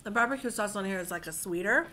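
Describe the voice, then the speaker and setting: A woman's voice: medium pitch, fast talker, pushed and bright, slight background noise. A woman co-hosting a casual mukbang vlog, gushing about the food and talking to viewers with lots of "like". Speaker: vlog co-host.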